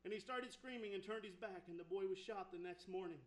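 A man's voice: sits high, fairly even intonation, fast talker, few pauses, poor audio. A man preaching a sermon, telling a folksy story and building to fervent exhortation.

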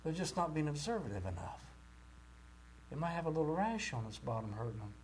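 A man preaching a sermon with great passion, rising to loud cries and dropping to near-whispers. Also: on the high side, very animated, fairly quick, slight background noise. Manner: impassioned, swings from shouting to near-whispers.

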